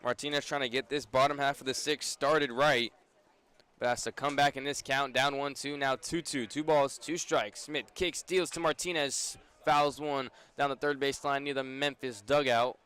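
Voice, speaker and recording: A young man doing brisk radio play-by-play of a baseball game, his voice rising on big plays. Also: medium pitch, steady tone, fairly bright tone, clear, resonant tone. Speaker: play-by-play announcer.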